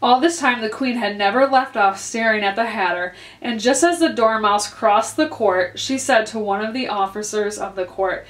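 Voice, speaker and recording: A woman's voice: medium pitch, moderate pace, hardly any pauses. Woman reading a storybook aloud in a roomy room. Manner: clear, expressive read-aloud. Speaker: librarian reading to children. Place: library. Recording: roomy echo.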